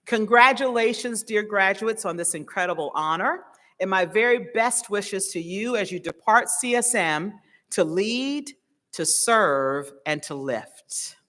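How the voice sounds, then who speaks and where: Slow, bright-voiced woman addressing graduates. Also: medium pitch, animated. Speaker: college official. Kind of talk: commencement speech. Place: large hall. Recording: echoey hall PA recording.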